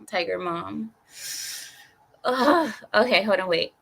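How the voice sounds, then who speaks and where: A woman's voice: mid-range voice, slow pace, gravelly, fairly bright tone, slightly rough. A woman hosting a casual livestream, reading chat comments aloud in a chatty, rambling way and laughing often.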